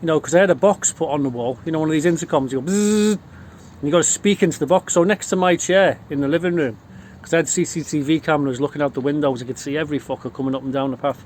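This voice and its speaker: A man's voice: on the high side, very fast, darkish tone, slight background noise. A middle-aged man with a Liverpool accent telling rowdy, boastful stories in casual talk, swearing constantly. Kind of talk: casual storytelling.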